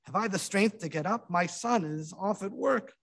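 A man's voice: high-pitched, moderate pace, creaky, a bit bright, pitched above the performer's own voice, heavily acted. Man putting on a frightened sick old widow. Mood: complaining. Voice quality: groaning, plaintive.

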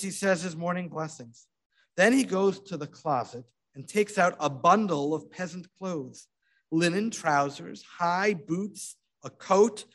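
A man recounting a tale in a sermon, his voice slightly higher than most men's. He moves between hushed tension and vivid emphasis. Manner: dramatic, hushed and expressive. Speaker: storyteller. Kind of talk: sermon storytelling.

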